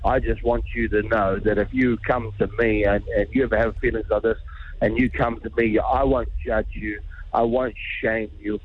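A man's voice: lowish voice, flat delivery, normal speed, highs cut off, slight background noise. A middle-aged man, a charity founder speaking earnestly and informally as a radio guest. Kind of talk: radio interview.

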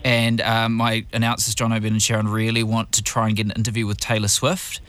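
Flustered kiwi radio producer guy, bright voice, talking fast and begging. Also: fairly low pitch, monotone.

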